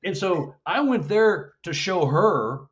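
Middle-aged guy telling a story in an interview, voice jumps up when he acts out lines, kinda muffled audio. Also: slow pace. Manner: animated, acts out dialogue with rising pitch. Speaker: Sasquatch investigator, guest. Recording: dull lo-fi audio.

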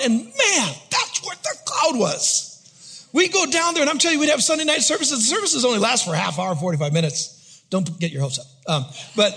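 A man preaching from the pulpit with a high, husky voice. He swings between bursts of excited intensity and hushed, near-whispered passages, pulling the congregation in close. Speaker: pastor. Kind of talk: sermon.

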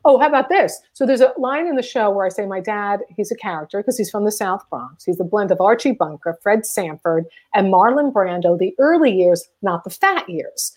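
A woman's voice: mid-range voice, moderate pace, few pauses. A middle-aged woman, a comedian and guest, telling a story in casual chat and acting out the people she quotes. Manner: animated, acts out quoted voices.

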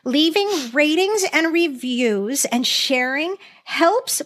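A woman's voice: sits high, very animated, normal speed, fairly bright tone. A woman hosting a casual podcast game, laughing often and sounding exasperated. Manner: giggly, exasperated. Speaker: podcast host.

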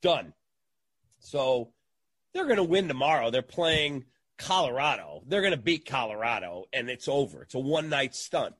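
A man, a sports radio entertainer, telling an animated anecdote in a casual interview and acting out the quotes. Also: medium pitch, normal speed, husky, dry recording.

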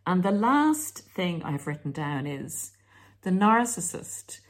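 A woman's voice: sits low, big pitch swings, unhurried. A woman host talking through relationship advice in a casual monologue, sarcastic at times. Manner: sarcastic, acts out mocking quoted voices. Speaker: self-help video host.

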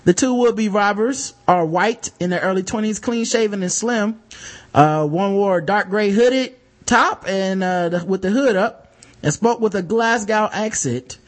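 A man's voice: high voice, unhurried. A man hosting a podcast, reading news stories aloud in casual chat, joking and profane, laughing as he reads. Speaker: podcast host.

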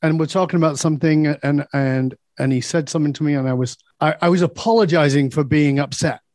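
As a podcast guest, a blunt, emphatic man tells candid personal stories briskly, swearing freely to make his points. His voice is a little high for a man and a little mellow, recorded dry and close with no room sound.

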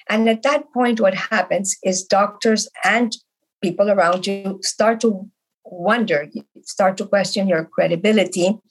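A middle-aged woman from Canada speaks as a guest in a conversational interview. Her voice has a husky edge, and she stresses her points earnestly, often repeating words for weight. Her pitch sits at an ordinary middle level for a woman. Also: rough recording. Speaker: podcast guest.

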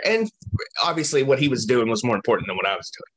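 A man's voice: mid-range voice, fast talker, slight background noise. Man swearing through a travel story. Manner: profane, animated anecdote-telling. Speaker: podcast co-host. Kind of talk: casual storytelling chat.

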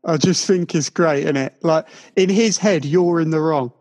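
A man's voice: a little high, normal speed, darkish tone. A man hosting a podcast, joking and bantering with his guest in casual chat. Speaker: podcast host. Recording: echoey room.

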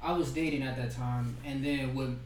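A man's voice: mid-range voice, steady tone, normal speed, crowd noise. Laid-back man in a roomy echo. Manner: laid-back, lots of filler words. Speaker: podcast co-host. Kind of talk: casual chat. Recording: roomy, distant from the mic.

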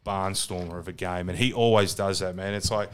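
A man's voice: sits low, fairly even intonation, fairly quick, a little hiss or hum. An Australian man co-hosting a podcast, chatting about rugby in a blunt, sweary, enthusiastic way. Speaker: podcast co-host. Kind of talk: casual rugby chat.

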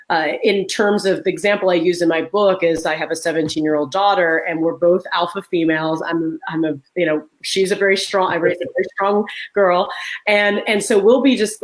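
A woman in her forties, a guest author in a conversational interview, telling animated stories and acting out what people said. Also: lowish voice, normal speed, rough recording. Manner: animated storytelling, acts out quoted voices. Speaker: guest author and leadership trainer.

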